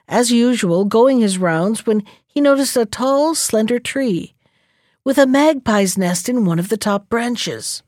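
A woman storyteller reading a folktale aloud in a gentle, expressive way. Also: fairly high pitch, no room sound, studio quality.

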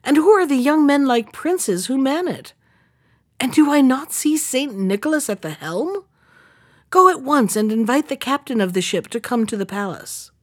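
A woman reading the lines of a proud, excitable old king in a fairy tale, exclaiming and commanding. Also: high voice, normal speed, no echo, clean studio sound, pitched above the performer's own voice.

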